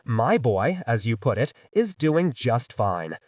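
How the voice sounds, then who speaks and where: A man's voice: mid-range voice, big pitch swings, slow pace, a little mellow, far from the mic. A touchy alien doctor who bristles and defends himself, voiced by a man in an audiobook. The reading is close and dry, with no room echo. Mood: indignant. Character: prickly alien doctor, indignant male.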